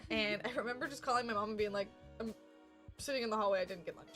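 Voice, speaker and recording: A young adult woman co-hosting a podcast, telling a story in casual chat with animated delivery and frequent laughter. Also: medium pitch, quick pace, music in the background. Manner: animated, laughs often, acts out quotes loudly. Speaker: podcast co-host.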